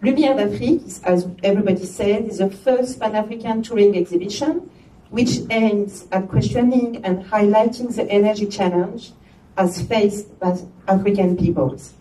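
The chairperson of an arts organization, a woman with a French accent, opens a gallery event with a formal speech full of conversational asides and false starts. She speaks at a moderate pace in a mellow, mid-range voice; the recording is distant and echoey, with slight hiss or hum.

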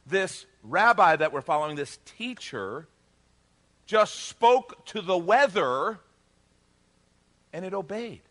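Animated, bright-voiced male pastor. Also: sits high, takes it slowly, pauses often. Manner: animated storytelling, acts out voices, jokes with the congregation. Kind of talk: sermon.

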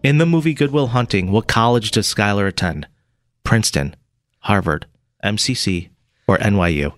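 A man's voice: lowish voice, moderate pace, no room sound, studio quality. A man co-hosting a radio morning show who runs a playful quiz and teases the contestants as he reads out the answers. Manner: teasing, lively, reads out multiple-choice answers.

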